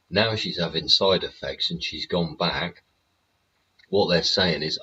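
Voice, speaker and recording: A man's voice: low voice, a little slow, sharp tone. A man, hosting his own show, rambling casually with constant swearing and chuckles. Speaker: host. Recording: slightly dull lo-fi audio with faint ambience.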